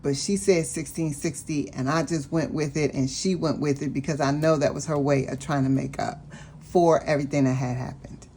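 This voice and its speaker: A woman vlogging about her budget, telling a personal story in a chatty, animated way and talking straight to her viewers. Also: low-pitched, normal speed, a little hiss or hum. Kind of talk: casual storytelling vlog.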